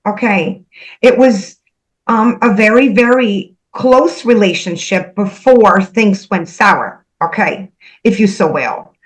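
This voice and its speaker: A woman earnestly recounting a spiritual experience, halting and repeating herself, emotional as she goes. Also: medium pitch, rough recording. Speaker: spiritual channel host. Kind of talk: personal spiritual storytelling.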